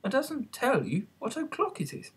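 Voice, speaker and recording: A reader voicing a polite, curious young girl in an earnest, high voice, in an amateur audiobook. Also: wildly swooping pitch, moderate pace, breathy edge, full character voice.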